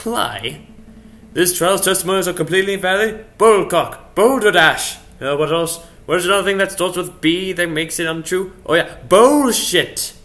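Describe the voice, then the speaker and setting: A man's voice: sits high, a little fast, a bit bright, voice pushed up. A man voicing a brash, cocky male bird lawyer with a crude way of talking. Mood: indignant.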